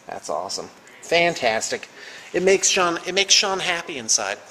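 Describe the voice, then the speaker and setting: A man's voice: fairly high pitch, sing-song, moderate pace, sharp tone, a little hiss or hum. A man hosting a tabletop game as game master, chatty and upbeat with many fillers. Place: room around a gaming table. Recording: reverberant room.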